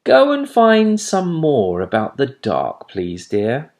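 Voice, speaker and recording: A man doing a gentle, coaxing mother owl. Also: medium pitch, huge pitch swings, takes it slowly, voice pushed up, exaggerated voice.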